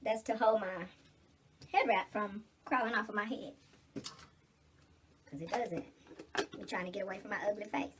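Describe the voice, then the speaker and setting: A woman's voice: mid-range voice, moderate pace, pauses often, slight background noise. A middle-aged woman in casual get-ready-with-me chat, blunt, preachy and full of cursing. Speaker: vlogger.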